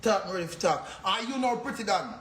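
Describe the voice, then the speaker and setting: Jamaican man, angry livestream rant, high bright voice, echoey room. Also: animated, fast talker, a little hiss or hum. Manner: angry, insulting, cursing, repetitive. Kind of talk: ranting on a phone livestream.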